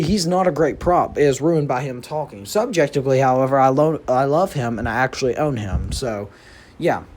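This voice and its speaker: A man's voice: medium pitch, moderate pace, darkish tone, a little hiss or hum. A man hosting a casual vlog about Halloween props, rambling with lots of fillers and restarts, and hiccuping now and then. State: has the hiccups. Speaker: YouTube host reviewing Halloween props.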